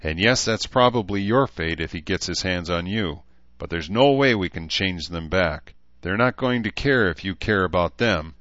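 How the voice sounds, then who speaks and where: A man's voice: sits low, expressive, moderate pace, a bit bright, no echo, lo-fi sound. A man reading the part of a stern baron commander who speaks in tight, clipped, growling tones. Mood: grim.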